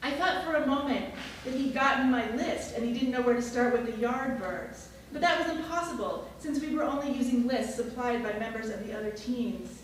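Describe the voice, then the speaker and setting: A woman's voice: on the high side, fairly quick, far from the mic, a little hiss or hum. Woman reading from afar in an echoey room. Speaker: storyteller. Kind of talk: reading a personal essay aloud to an audience. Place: library reading room at a live event.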